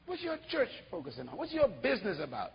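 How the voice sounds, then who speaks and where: A man preaching an animated sermon as pastor, full of rhetorical questions. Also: high voice, fast talker, creaky, breathy edge, in a large hall, lo-fi sound.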